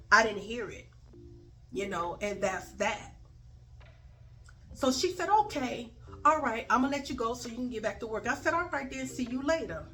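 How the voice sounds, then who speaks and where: A woman telling a story in a casual vlog, acting out the dialogue with big swings in pitch and loudness, and swearing freely. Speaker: storyteller vlogger. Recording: faint music in the background.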